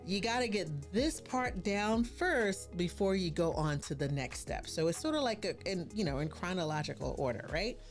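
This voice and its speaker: Woman, live stream host, bubbly, chatty, very animated pitch, faint background music. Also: normal speed, hardly any pauses. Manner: bubbly and chatty, greeting viewers by name, frequent "you know" and "right?". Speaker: host of a live business branding series. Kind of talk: casual live-stream teaching.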